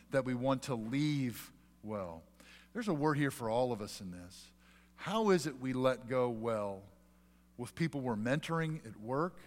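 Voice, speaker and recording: A man's voice: mid-range voice, a bit bright. A man in his forties, a pastor preaching a sermon in a church sanctuary, earnest and fond of rhetorical questions. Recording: long hall reverb.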